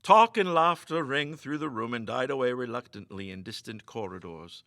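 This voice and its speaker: A man narrating a spooky tale with a lively, theatrical delivery that rises and falls freely. His voice is bright and slightly high, and the recording is close and dry. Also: moderate pace, dry recording. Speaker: reader. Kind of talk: dramatic story reading.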